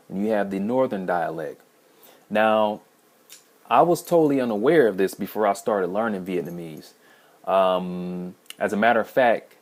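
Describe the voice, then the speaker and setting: A man hosting a language-learning video, talking casually to camera in a rambling way with many restarts. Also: on the low side. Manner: rambling, frequent restarts and fillers.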